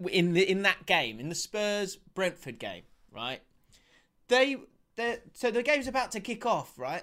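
A man's voice: high-pitched, fairly bright tone. A man co-hosting a casual football podcast, ranting and swearing with bursts of laughter. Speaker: podcast co-host.

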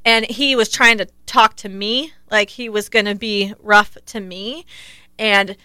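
Bright, crisp-voiced American woman storyteller. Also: mid-range voice, a little slow, dry recording. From United States. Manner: animated storyteller, laughs often. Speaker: co-host. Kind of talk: casual podcast chat.

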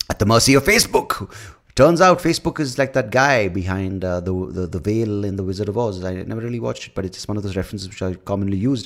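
A man with an Indian English accent, hosting a podcast and ranting in a rambling, profane, casual way, often correcting himself. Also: lowish voice. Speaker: comedian podcast host. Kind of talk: casual rant.

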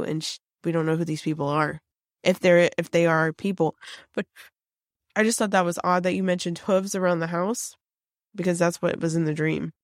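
A woman's voice: lowish voice, no echo. Woman, psychic, casual storytelling, rambling, restarts, fillers, dry close sound. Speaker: team psychic on a paranormal show.

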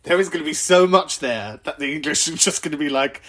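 A young Irish woman hosting a podcast in casual chat, sweary and quick to laugh. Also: deep voice, fairly bright tone. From Ireland. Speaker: podcast host.

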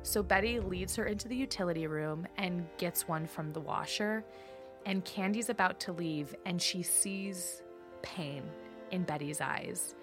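A woman's voice: lowish voice, normal speed, over music. A woman co-hosting a podcast, steadily retelling a true-crime case step by step. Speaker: podcast co-host.

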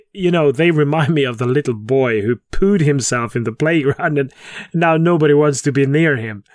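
A man's voice: on the high side, normal speed, no room sound, clean studio sound. A man co-hosting a podcast in casual chat. He jokes, laughs at his own puns and often restarts his sentences. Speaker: podcast co-host.

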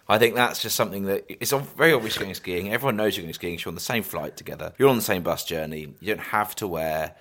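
Easygoing low-voiced man guest. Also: fast, a bit bright. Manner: easygoing, laughs between tips. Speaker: guest, former ski instructor. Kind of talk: casual radio chat.

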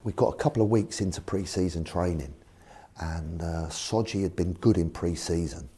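A former football manager recounts anecdotes during an interview, animatedly acting out the voices of the people involved. He has a deep, slightly rough voice and speaks at a normal pace.

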